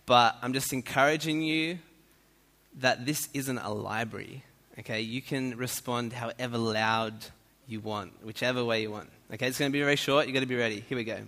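A man's voice: medium pitch, steady tone, normal speed, pushed and bright. An Australian man giving a playful, joking talk to an audience in a large hall. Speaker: speaker addressing an audience. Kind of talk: humorous stage talk. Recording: echoey hall.

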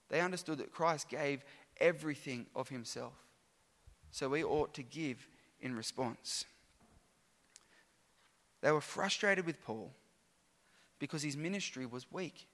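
A man's voice: on the high side, a bit bright, big-room sound. A man preaching a sermon, reading scripture aloud with emphatic, sometimes sarcastic delivery.

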